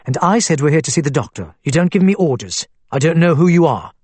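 A man's voice: a little high, expressive, fairly quick, dry recording, voice pushed up. Defiant woman nurse, firm, unflustered, dry close sound, put on by a male narrator.

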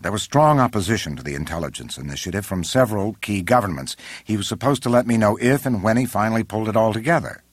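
A man's voice: on the low side, expressive, quick pace, hardly any pauses, dry recording, studio quality, voice pushed up. A man doing a brusque older president. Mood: explaining. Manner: brusque, raised voice, exasperated. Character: irritable older male president, commanding.

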